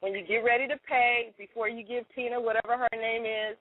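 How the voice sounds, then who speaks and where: A woman co-hosting a comedic radio chat show, chatty and quick to laugh as she tells her stories. Her high voice comes through dry and close, narrowed as on a phone line. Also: flat delivery, no room sound.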